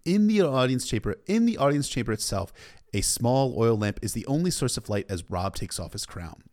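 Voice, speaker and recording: A man's voice: mid-range voice, very animated, fairly quick, a little mellow. A man recapping a story in a casual, irreverent way, cursing freely. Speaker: book recap narrator.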